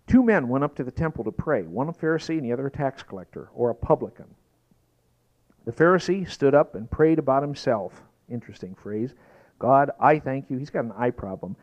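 A man preaching a sermon, emphatic, sometimes rising to shouts. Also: mid-range voice, brisk, dull audio. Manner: lively, emphatic preaching that rises to shouted exclamations. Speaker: pastor.

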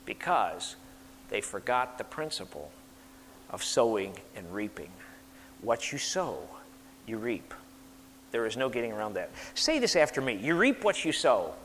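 A man's voice: mid-range voice, very animated, a little slow, long pauses, fairly bright tone, slight background noise. A man pastor preaching a sermon with emphasis, leading the congregation to repeat phrases after him. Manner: emphatic, leads congregation in call-and-response repetition. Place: church sanctuary. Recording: long hall reverb.

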